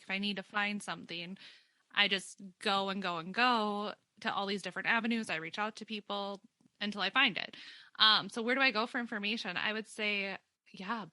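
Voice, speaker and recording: Woman, podcast host, young adult, rambling casual chat, bright tone, dry sound. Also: mid-range voice, no room sound. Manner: chatty and rambling, with frequent fillers and laughs.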